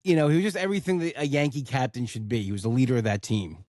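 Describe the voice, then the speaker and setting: A man's voice: mid-range voice, fast, darkish tone, dry recording, studio quality. A man, hosting a casual solo podcast, talking in a rambling, heartfelt way with many "you know" fillers. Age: 40s. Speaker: podcast host.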